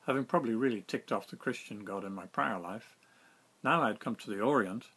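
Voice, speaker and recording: A man reading his own story aloud in a wry, self-mocking, lively way. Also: on the low side, husky. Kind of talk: storytelling narration.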